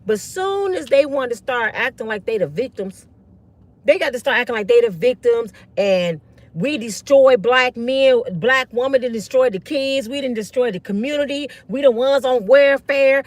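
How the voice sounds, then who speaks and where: A woman's voice: fairly high pitch, expressive, moderate pace, darkish tone. A woman in her fifties giving blunt, slangy, preachy commentary to her online viewers. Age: 50s. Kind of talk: casual ranting commentary.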